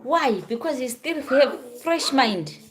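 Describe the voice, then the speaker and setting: Woman in her forties, from southern Africa, casual vlog talk, halting and repetitive. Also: high voice, sing-song, crowd noise. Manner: halting, repeats and restarts phrases. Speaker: vlogger.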